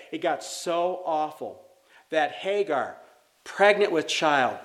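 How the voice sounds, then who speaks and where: Middle-aged male pastor, conversational sermon delivery, slightly raised pitch, deliberate scripture reading. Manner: conversational preaching with rhetorical questions, reads scripture slowly.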